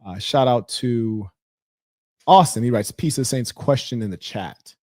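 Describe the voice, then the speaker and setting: A man's voice: mid-range voice, measured pace, mellow, dry recording, studio quality. A man hosting a casual livestream, talking loosely with slang and mocking asides. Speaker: livestream host.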